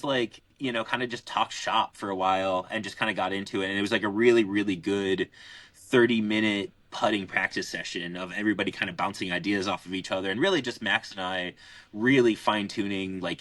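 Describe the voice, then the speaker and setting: Man, young adult, very low voice, casual podcast chat, rambling filler-heavy stories, dry close sound. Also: brisk, a bit bright, dry recording. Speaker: podcast co-host.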